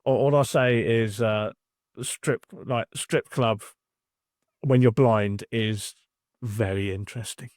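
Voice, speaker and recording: A man's voice: lowish voice, steady tone, slow pace, a little mellow, no echo, studio quality. A man with a London accent, a podcast guest chatting casually and easily, agreeing often. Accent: London English. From England. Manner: laid-back, frequent agreeing "yeah". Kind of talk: casual chat.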